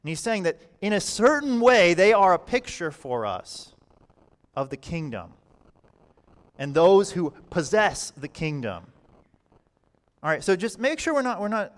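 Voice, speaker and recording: A man preaching a sermon in a conversational way, often saying "all right" and swinging between quiet and loud passages. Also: high voice, very animated, a little slow, pauses often. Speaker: pastor.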